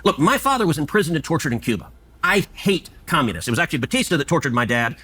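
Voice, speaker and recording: A man's voice: on the high side, big pitch swings, fast, sharp tone, husky. A man in a heated debate who presses his points insistently and often restarts with stammers. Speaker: senator.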